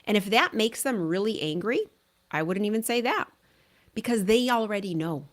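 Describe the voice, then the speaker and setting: A woman's voice: medium pitch, animated, moderate pace. A middle-aged woman hosting a parenting podcast, giving earnest, conversational advice and often checking in with "right?". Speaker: parenting coach and podcast host. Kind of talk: solo podcast advice talk.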